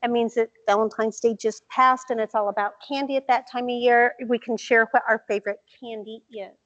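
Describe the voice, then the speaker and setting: A woman with a fairly high voice chairs a community meeting in a friendly, organized way. The recording is dull and lo-fi. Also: steady tone, brisk, a bit bright. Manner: friendly, organized, laughs easily.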